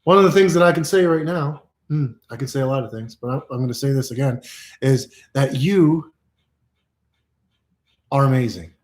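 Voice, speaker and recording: A man's voice: mid-range voice, a little fast. A man giving playful, repetitive self-help affirmations to camera, exuberant and goofy, laughing often.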